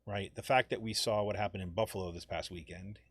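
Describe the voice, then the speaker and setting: Male podcast host, low voice, dry close sound, rambling casual political talk. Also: fairly even intonation, brisk, a bit bright, husky, no room sound. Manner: rambling, frequent "you know" and "right?".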